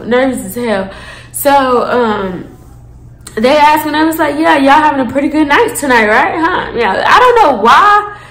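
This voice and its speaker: A young woman in her twenties tells a story to her viewers in a lively, dramatic style, swearing freely. Her voice is high and bright. The room gives it a noticeable echo. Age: 20s. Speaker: storytime vlogger. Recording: echoey room.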